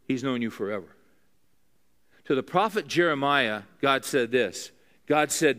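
A man's voice: medium pitch, lively intonation, measured pace, pauses often, a bit bright. A man preaching a sermon to a room of men, conversational and earnest, often asking his listeners questions.

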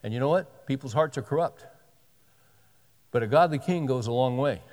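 With a medium-pitched, slightly mellow voice at normal speed, a man in his sixties preaches as a pastor. He reads scripture aloud and breaks off for folksy jokes, all under long hall reverb.

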